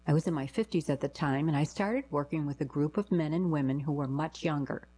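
A woman's voice: sits low, darkish tone, poor audio. A woman reading short first-person anecdotes aloud, giving quoted lines a lift in her voice.

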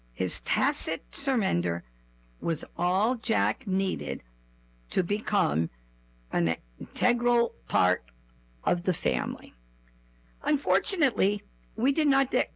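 A woman reads her own memoir at an unhurried pace, dry and self-mocking. Her voice is heavily gravelly and husky. Her pitch moves a lot from line to line. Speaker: storyteller. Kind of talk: first-person memoir reading.

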